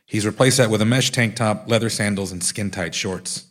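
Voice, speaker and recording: A man's voice: fairly low pitch, moderate pace, fairly bright tone. A man, the author, reading aloud from his own memoir in a wry storytelling manner.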